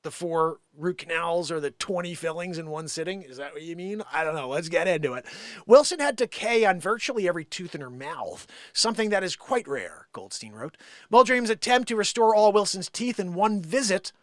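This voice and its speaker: A man's voice: sits high, expressive, a little fast, no echo, clean studio sound. A man hosting a live comedy stream, reading a news story in a playful mock radio-announcer style and laughing along. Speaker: live music and comedy show host.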